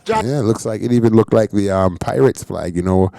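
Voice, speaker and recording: A man with a Canadian Jamaican accent hosting a casual commentary show and giving loose, chatty shout-outs. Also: on the low side, fairly quick, creaky, dry recording, studio quality. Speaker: host. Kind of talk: casual commentary over clips.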